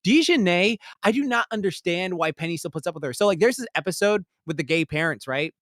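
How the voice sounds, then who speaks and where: A man co-hosting a podcast who reviews a show in a loose, rambling way. He fills his talk with "like" and "uh" and curses often. His slightly high voice sounds close and dry. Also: animated, brisk, a bit bright, no room sound. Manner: rambling, profane, many fillers, bursts into heated outrage. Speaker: podcast co-host. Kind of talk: casual ranting review.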